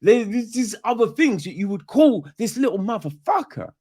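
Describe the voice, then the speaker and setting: A man's voice: sits high, big pitch swings, moderate pace, warm tone, husky. A man hosting a podcast, ranting casually about a film in a profane, rambling way with lots of slang and restarts. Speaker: podcast host. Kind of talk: casual film review rant.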